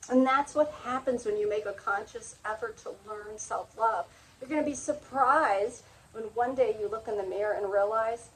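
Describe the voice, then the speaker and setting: A middle-aged woman hosts a motivational talk, speaking earnestly and confiding personal stories. Her voice is fairly high, and the recording is rough.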